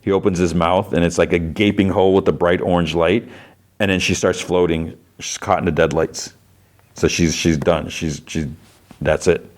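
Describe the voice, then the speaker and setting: A male podcast host casually recapping episodes, talking loosely with many fillers and acting out quotes in a raised voice. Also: deep voice. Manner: loose delivery with frequent fillers.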